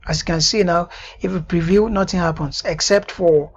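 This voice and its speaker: A woman giving a screen-recorded software tutorial, stopping often to check that the viewer understands. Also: fairly low pitch, fairly even intonation, moderate pace, muffled recording. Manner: repeatedly checks "do you understand that now?".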